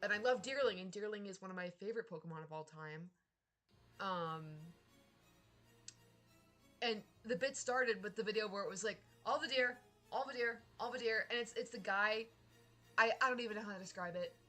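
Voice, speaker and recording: Excitable young woman streamer, bright voice. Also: mid-range voice, normal speed, long pauses, soft background music. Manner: excitable, rambling, frequent likes and laughs. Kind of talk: casual live-stream chat.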